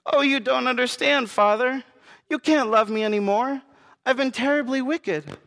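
A man's voice: extremely high pitch, normal speed, gravelly, a bit bright, in a large hall, pitched above the performer's own voice, full character voice. A man voicing a pleading, tearful little girl. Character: frightened remorseful young girl.

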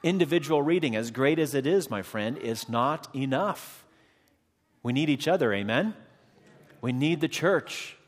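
A man's voice: a little high, lively intonation, unhurried. A man preaching a sermon as pastor, addressing his congregation and calling out for amens. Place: church sanctuary. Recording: long hall reverb.

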